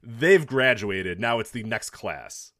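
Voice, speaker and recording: A man co-hosting a podcast in easygoing casual chat, agreeable and quick to laugh. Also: medium pitch, animated, pushed and bright, dry recording, studio quality. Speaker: podcast co-host.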